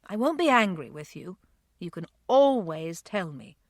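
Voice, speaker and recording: A woman voicing a kind, patient grown man in an audiobook, speaking gently and reassuringly. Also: lowish voice, big pitch swings, measured pace, no room sound, studio quality. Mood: gentle. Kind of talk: audiobook character voice.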